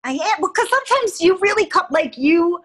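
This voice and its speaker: A woman's voice: extremely high pitch, animated, brisk, fairly bright tone. A woman from Cleveland, a guest comedian, chatting from home over a video call and telling stories in a chatty, giggly way. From Cleveland, USA. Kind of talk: casual chat.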